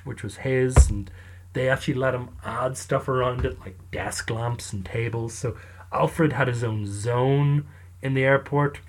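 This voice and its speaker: A storyteller narrator with an ordinary mid-range voice, slightly mellow and edged with breathiness. The delivery is wry and chatty, and the telling stays loose and conversational, packed with asides to the listener.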